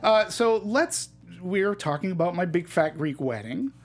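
A woman hosting a casual panel film review, chatty and halting with restarts. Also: fairly low pitch, lively intonation, faint music behind. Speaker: host.

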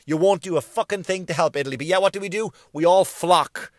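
A man's voice: high voice, quick pace, dry recording, studio quality. A male comedian delivering a profane, emphatic solo rant, hammering his points home through repetition.

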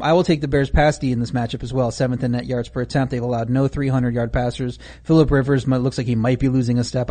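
A man's voice: mid-range voice, dark tone. A man analyzing football bets in an analytical way, citing lots of stats. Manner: analytical, stat-heavy. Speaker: betting analyst. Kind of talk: sports betting chat.

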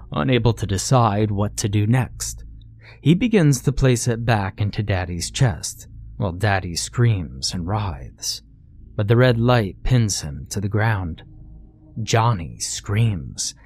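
A man narrating a horror story in a slow, grim, dramatic way. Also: on the low side, darkish tone.

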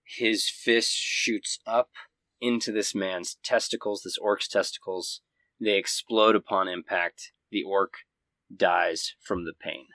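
A man narrating a tabletop battle as game master with quick, vivid play-by-play. His voice sits fairly low yet comes across bright and forceful. The sound is close and dry. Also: fairly even intonation, no room sound.

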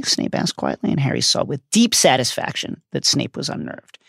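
Gravelly-voiced man recapping a story. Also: a little high, normal speed, no room sound, studio quality. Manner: lively plot retelling with read-out quotes. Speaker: podcast co-host. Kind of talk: podcast recap narrating a novel's plot.

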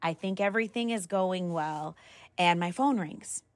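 A middle-aged woman casually telling a family story, animated and wry with exasperated humor, acting out the dialogue. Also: lowish voice, unhurried, dry recording. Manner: acts out dialogue with "I'm like".

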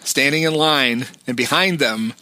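A man's voice: mid-range voice, measured pace, sharp tone, no room sound. A man hosting a podcast, casually recapping film scenes and quoting dialogue. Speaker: podcast host.

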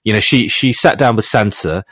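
A man in a casual TV review chat, talking in a measured way and hedging with fillers. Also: on the low side, fairly bright tone, no echo.

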